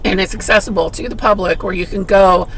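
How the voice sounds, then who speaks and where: Woman co-host, measured explainer with vocal fry, casual podcast talk. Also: medium pitch, steady tone, a little hiss or hum, low-quality recording. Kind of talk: casual paranormal podcast chat.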